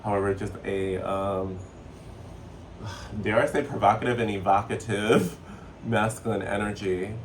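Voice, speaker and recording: A man giving a casual spiritual tarot reading, chatty and excitable, with a playful, sassy way of talking. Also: lowish voice, unhurried, recorded from a distance, a little hiss or hum. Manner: playful, sassy, slips into joking accents. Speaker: tarot reader.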